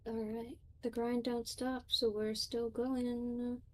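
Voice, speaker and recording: Young woman goofing off on a game stream, playful, quick asides. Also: on the high side, little pitch movement, darkish tone. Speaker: streamer co-host. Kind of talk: casual gaming chat.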